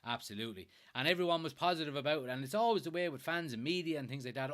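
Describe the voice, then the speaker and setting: A young Irish man from Kilkenny hosts a live stream and talks through viewer comments in loose, easygoing chat. His voice is bright and forward. He drops the odd curse and laughs easily between points. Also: fairly high pitch, lively intonation, rapid-fire, hardly any pauses. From Ireland. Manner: chatty, swears casually, laughs easily. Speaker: host of a fan live stream.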